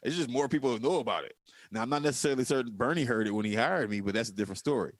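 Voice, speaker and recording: A man's voice: mid-range voice, rapid-fire, no room sound. A man in casual political chat, telling stories emphatically. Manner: animated storytelling, profane, emphatic. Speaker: podcast co-host.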